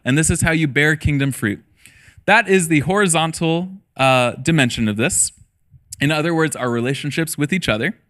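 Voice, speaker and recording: A man's voice: on the high side, fairly bright tone. A man in his thirties, a middle school pastor, preaching a casual sermon with personal stories and jokes. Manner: casual storytelling with jokes and laughter.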